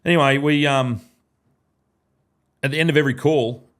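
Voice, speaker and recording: A man's voice: medium pitch, fairly even intonation, normal speed, a bit bright. An Australian man and podcast host, chatting casually in a studio and telling rambling stories full of swearing and restarts.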